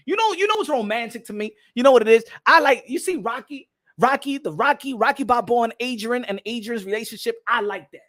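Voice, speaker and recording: A man's voice: very high-pitched, animated, fast, a bit bright, no echo. A man hosting a boxing talk show, ranting comedically with lots of profanity and laughter between lines. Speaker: boxing podcast host. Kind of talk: comedic rant.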